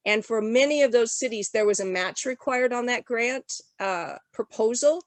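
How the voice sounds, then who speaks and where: A woman presenting at an online economic development summit, rushing through her points in a rapid auctioneer style while sick, upbeat and enthusiastic. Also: fairly high pitch, no echo. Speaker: regional development commission presenter.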